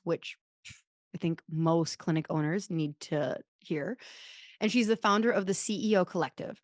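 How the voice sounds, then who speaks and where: A woman's voice: mid-range voice, no room sound, studio quality. A woman in her thirties hosting a podcast, telling stories in a rambling, self-deprecating casual chat. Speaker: podcast host.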